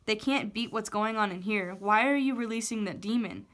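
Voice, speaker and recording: A woman's voice: mid-range voice, moderate pace, a bit bright, natural voice. A woman reading as a defiant young girl. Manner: defiant, pleading. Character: frightened but brave young girl.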